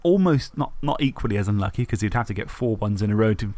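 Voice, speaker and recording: A man on a podcast, telling the story of a tabletop game match in a lively way, swearing and acting out his own thoughts. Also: on the low side, fast talker. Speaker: podcast co-host. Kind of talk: casual tabletop game recap.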